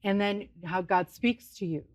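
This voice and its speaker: A woman hosting a TV interview, prompting her guest with gentle questions. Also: mid-range voice, unhurried. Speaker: TV show host.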